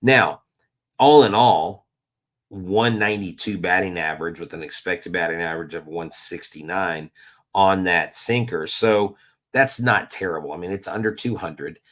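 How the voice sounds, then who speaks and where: A man with a low voice co-hosts a casual baseball podcast. He talks in an animated way and often chuckles mid-sentence. The sound is dry and close to the mic. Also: normal speed, no room sound. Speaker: podcast co-host. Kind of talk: casual sports podcast chat.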